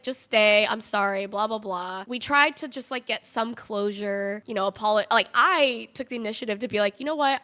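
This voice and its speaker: A woman's voice: mid-range voice, a bit bright. A young woman, a podcast guest, telling a candid personal story in a conversational way, full of "like" fillers.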